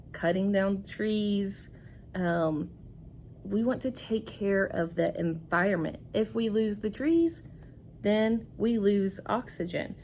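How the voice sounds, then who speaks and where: A woman's voice: mid-range voice, vocal fry, a little mellow, a little hiss or hum. A woman teacher giving a recorded reading lesson, patient and explaining step by step.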